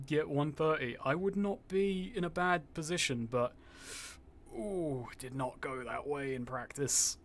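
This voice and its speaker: At a measured pace and a fairly high pitch, a young gaming streamer chats casually with his audience. He rambles, curses freely and reads chat aloud, and his voice sounds slightly posh.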